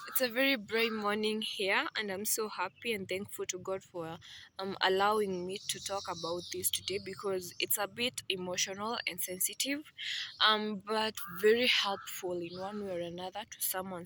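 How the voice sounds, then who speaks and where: A woman talking casually to her channel viewers, chatty and animated, with playful asides. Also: mid-range voice, slight background noise. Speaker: vlogger. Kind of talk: casual vlog talk to camera.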